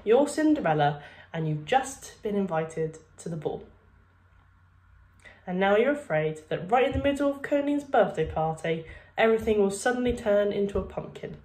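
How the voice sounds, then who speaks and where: A woman voicing a kind female school counselor who speaks calmly and reassuringly. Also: mid-range voice, normal speed, roomy sound, lightly acted. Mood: gentle. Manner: calm, reassuring.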